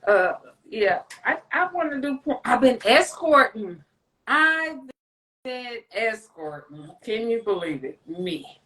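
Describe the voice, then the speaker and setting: A woman's voice: a little high, expressive, takes it slowly, fairly bright tone, rough recording. A woman hosting a casual livestream, chatting in a loose, rambling way with plenty of swearing and jokes. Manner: loose, rambling, profane and joking. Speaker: livestream host.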